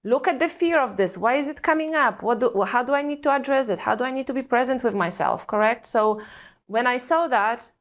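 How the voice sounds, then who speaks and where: Earnest woman, high voice. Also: a little fast. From Eastern Europe. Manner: earnest, emphatic, full of rhetorical questions. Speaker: guest, conscious parenting coach. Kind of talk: reflective podcast interview talk.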